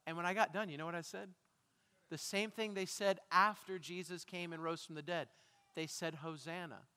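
A man preaches into a microphone in a church sanctuary, his voice pitched very high and bright. He quizzes the congregation and erupts into dramatic shouts. Long reverb from the hall trails his words. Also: fairly even intonation, normal speed, clean tone. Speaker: pastor. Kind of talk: sermon. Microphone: handheld or stage microphone.

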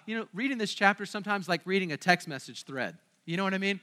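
A man's voice: sits high, animated, quick pace, sharp tone. A man preaching a sermon at a church service, talking in a conversational, emphatic way and asking the crowd questions. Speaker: pastor.

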